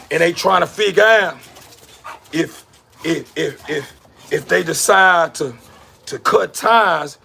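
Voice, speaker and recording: Fired-up man with a gravelly, high voice. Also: fairly bright tone. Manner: preachy, repetitive, fired-up street talk. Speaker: dog breeder vlogger. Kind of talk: casual motivational talk to camera.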